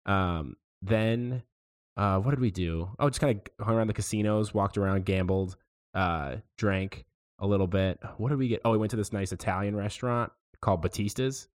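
A young man co-hosting a podcast, telling a rambling weekend story in a relaxed, casual way. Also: lowish voice, moderate pace. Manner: laid-back rambling storyteller. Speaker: podcast co-host. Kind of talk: casual chat.

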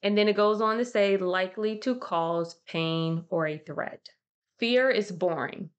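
A woman's voice: medium pitch, unhurried. A woman hosting her own podcast, talking to listeners in a casual, slangy way. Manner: slangy, chatty, addresses listeners as y'all. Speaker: podcast host. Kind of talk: casual solo podcast monologue.

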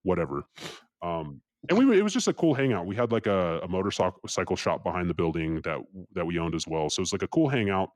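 A young Californian appears as a podcast guest, telling a casual story in a low voice at a quick pace with hardly any pauses and no room sound. He's profane and animated, acting out the voices of people he quotes.

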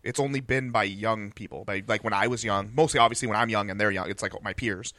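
A man's voice: on the low side, fast, pushed and bright, no room sound. A young adult male stand-up comedian chatting casually, rambling with lots of fillers. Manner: rambling, many "like" fillers, laughs easily. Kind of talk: casual podcast chat.

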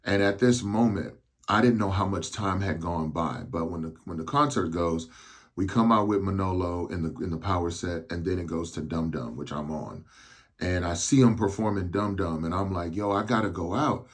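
A man in his thirties, hosting a podcast, tells a personal story slowly and haltingly because he is on medication, with frequent restarts. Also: sits low, slightly rough. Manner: slow, halting delivery with restarts. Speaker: podcast host.

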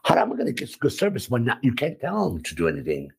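A man from Italy, a restaurant owner, talking emphatically and loudly, repeating himself in an animated interview. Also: medium pitch, fast, creaky, husky. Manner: emphatic, repetitive, loud and expressive.

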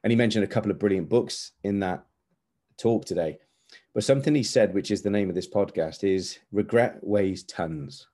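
A man's voice: lowish voice, normal speed, warm tone. A man in his forties hosting a podcast, giving an earnest, candid motivational monologue with repeated emphatic phrases. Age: 40s. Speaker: podcast host.

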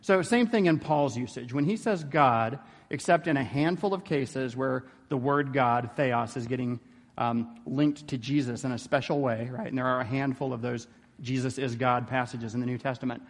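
A man giving an explanatory theology lecture, thoughtful, pausing often with "um" and checking in with "right?". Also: mid-range voice. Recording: long hall reverb.

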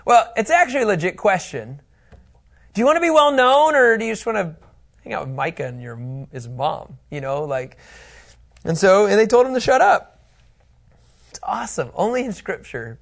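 A man's voice: sits high, big pitch swings, moderate pace, gravelly. A man teaching a Bible lesson in a casual, joking way, laughing often.

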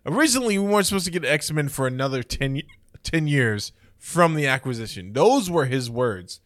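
A man's voice: on the high side, animated, moderate pace, a bit bright. A man co-hosting a casual pop-culture podcast, talking in an opinionated, speculative way with hiccups. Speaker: podcast co-host.

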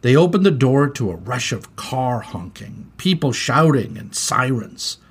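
Animated, husky-voiced male storyteller. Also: medium pitch, measured pace. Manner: expressive, animated. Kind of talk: storybook read-aloud.

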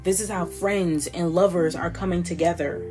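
A woman's voice: on the low side, steady tone, moderate pace. A woman doing a casual spiritual card reading, rambling and restarting her sentences, swearing freely and talking straight to her listeners as y'all. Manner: rambling, profane, frequent restarts; addresses listeners directly as y'all. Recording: clear music playing behind.

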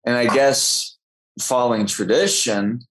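A man's voice: mid-range voice, a little slow, fairly bright tone, poor audio. A young man from Texas, an actor, telling stories in a casual interview with a chatty, self-deprecating manner. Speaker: guest actor.

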